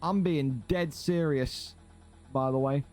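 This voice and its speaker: A man's voice: on the high side, slow pace, darkish tone, faint music behind. An exasperated, sarcastic man, ranting and swearing as a streaming league host. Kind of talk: ranting livestream commentary.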